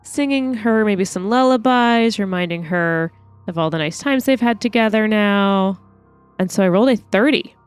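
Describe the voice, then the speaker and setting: A woman's voice: medium pitch, normal speed, clean tone, dry recording, soft background music. A woman playing a tabletop game, hesitant and thinking aloud with frequent ums. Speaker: player.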